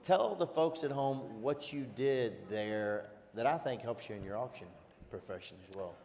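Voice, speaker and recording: A man conducting an upbeat, loud live stage interview at an event. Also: mid-range voice, animated, normal speed, vocal fry, long reverb tail. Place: convention stage.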